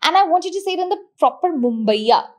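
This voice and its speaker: A woman's voice: very high-pitched, expressive, fast talker, a little mellow. A woman hosting a podcast interview, encouraging her guest with frequent murmurs. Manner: encouraging, frequent hmm and yeah. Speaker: podcast host.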